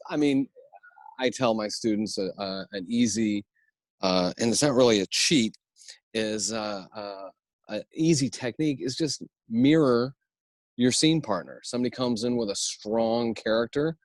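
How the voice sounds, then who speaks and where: Brief: low-voiced man, middle-aged guest, animated, dry close sound. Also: measured pace, dry recording. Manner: animated, laughs often, slips into voices. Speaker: improv instructor, guest. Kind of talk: casual podcast interview.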